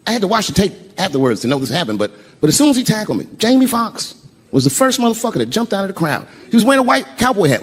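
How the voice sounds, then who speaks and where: A man telling a profane stand-up story on stage, breaking into shouted impressions. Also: high voice. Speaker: stand-up comedian. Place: comedy stage before a live audience. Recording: live show with crowd laughter and noise.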